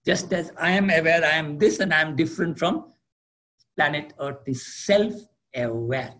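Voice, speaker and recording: A man with an Indian accent giving a spiritual lecture, deliberate and repeating key words for emphasis. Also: fairly high pitch, a bit bright. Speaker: spiritual teacher.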